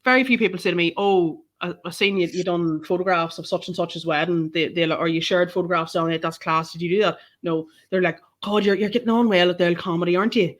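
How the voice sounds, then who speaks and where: Northern irish woman on a podcast, animated, swears a lot, just chatting. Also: on the low side, fast talker, hardly any pauses. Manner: animated storytelling, swears freely. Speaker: podcast guest, photographer. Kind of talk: casual chat.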